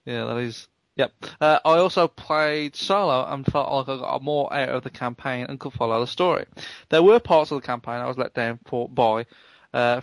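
A man's voice: medium pitch, dry recording. A man co-hosting a gaming podcast, reading out a listener's email with wry asides. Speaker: podcast co-host.

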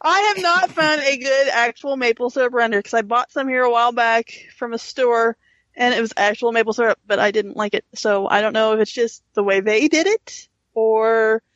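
A woman's voice: on the high side, moderate pace, a bit bright, no room sound, dull audio. A woman chatting casually on a podcast, speaking hesitantly and trailing off. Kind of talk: casual chat.

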